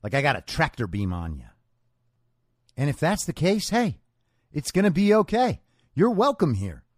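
A man's voice: fairly high pitch, huge pitch swings, normal speed, dry recording, studio quality. A man hosting a political talk show, delivering a sarcastic, mocking, lecturing monologue. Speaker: host.

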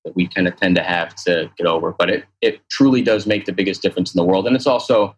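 A man with a somewhat low voice talks through his therapy approach in a relaxed interview. He is earnest and rambling, full of fillers and restarts as he explains his thinking. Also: fast. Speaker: athletic trainer and posture therapist. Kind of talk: casual conversational interview.

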